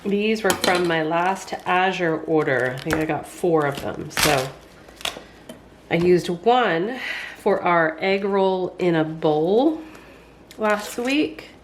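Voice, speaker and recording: This congested homesteading vlogger speaks slowly and expressively in a fairly low voice, her tone stuffy. She chats folksily with viewers during a casual cooking demonstration in her home kitchen, with background noise audible.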